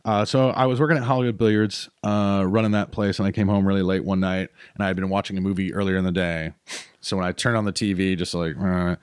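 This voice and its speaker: A man's voice: deep voice, little pitch movement, fast, clean tone, no echo, studio quality. A man in his thirties, a comedian guest on a podcast, casually telling a long story full of "uh"s and self-corrections.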